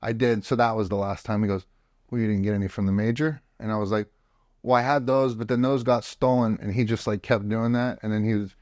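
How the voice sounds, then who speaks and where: A man's voice: on the low side, fairly even intonation, fairly quick, a little mellow, no room sound. A man telling his story as a podcast guest, blunt and profane, with frequent restarts, recorded in a home office. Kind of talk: casual storytelling.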